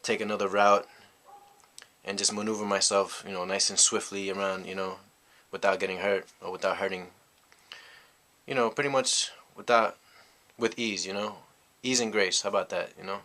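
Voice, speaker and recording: A young man from the United States talks through a personal story in a deep voice that stays level. His tone is bright and forceful, and he rambles, circling back with "you know" after nearly every thought. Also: level tone, moderate pace. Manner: rambling, reflective, heavy on "you know" fillers. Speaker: vlogger. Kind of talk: casual storytelling monologue.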